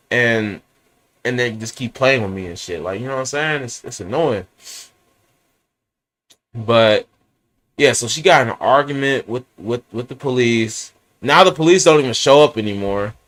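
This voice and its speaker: Young man, Bay Area accent, profane rambling vent, lively swooping pitch, fairly high voice. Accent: San Francisco Bay Area. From San Francisco. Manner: animated, swearing, rambling rant. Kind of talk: profane venting monologue.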